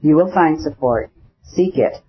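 A fervent, pious countess pours out rapturous comfort, as a male audiobook reader puts her on. The voice is a touch high and breathy. The recording is dull and lo-fi. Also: expressive, a little slow. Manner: gushing, rapturous and consoling. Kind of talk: audiobook character reading.

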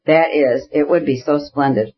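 A man reading the part of an eager, excited young noblewoman in an audiobook. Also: fairly high pitch, moderate pace, breathy edge, muffled recording. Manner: eager, gushing.

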